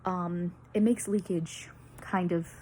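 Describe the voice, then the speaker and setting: A woman's voice: lowish voice, steady tone, slow, mellow, slight background noise. A young woman giving a student presentation, nervous and a little out of breath, with lots of fillers and apologies. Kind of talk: peer-teaching presentation.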